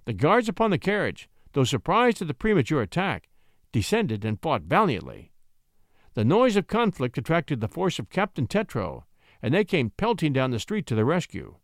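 A man narrating a classic story with dramatic, expressive storytelling. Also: on the high side, moderate pace, no room sound, studio quality.

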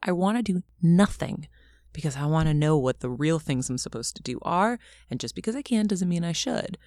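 Interview guest: woman, deep voice, dry close sound, animated storyteller who acts out quotes. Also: fairly quick, no echo. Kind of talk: casual interview talk.

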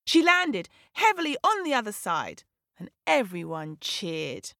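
Slow, expressive woman storyteller. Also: dry recording, studio quality. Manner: animated, dramatic, sweeping rises in pitch. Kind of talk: expressive storybook narration for children.

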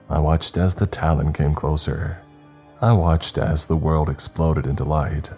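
A man narrating a first-person horror story in a steady, grave way. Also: rumbling low.

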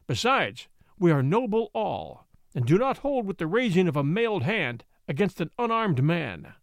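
A man's voice: high-pitched, big pitch swings, moderate pace, gravelly, dry recording, clean studio sound, heavily acted. A man voicing a bold, principled knight who speaks firmly and respectfully.

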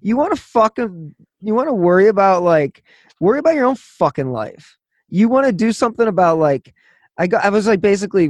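A male podcast host talks in a loose, ranting way, cursing without a filter. His voice sits a little high for a man. The recording is dry and close, with no room sound. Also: animated, a little fast, darkish tone, no room sound. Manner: blunt, profane, ranting. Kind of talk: casual interview chat.

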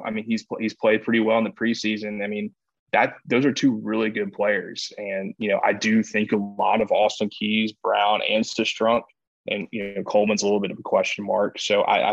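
Low-voiced man rambling about football. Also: gravelly, fairly bright tone, dry recording, highs cut off. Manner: rambling, restarts often, laughs easily. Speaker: podcast co-host, former player. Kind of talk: casual sports podcast chat.

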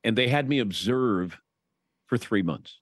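A man's voice: medium pitch, measured pace, no echo. A man telling stories as a guest in a casual podcast chat, swearing casually now and then. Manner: storytelling, lively, swears casually.

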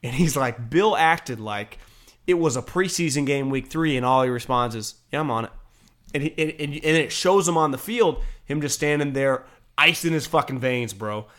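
A man talking casually about football, animated, swearing now and then and acting out quotes. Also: mid-range voice, moderate pace. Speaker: sports talk show host. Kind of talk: casual sports chat.

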